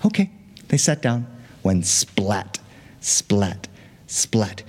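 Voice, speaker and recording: A man telling a fairy tale live to an audience, animated and chatty with playful asides. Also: medium pitch, measured pace, in a large hall. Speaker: storyteller. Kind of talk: live oral storytelling.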